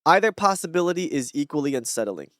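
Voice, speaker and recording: A man putting on a heavy Taiwanese Mandarin accent to read short musings aloud in a high, slow voice. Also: sing-song, a bit bright, no room sound, studio quality. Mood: mock solemn. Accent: Taiwanese Mandarin, put on. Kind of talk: mock-accented reading of musings.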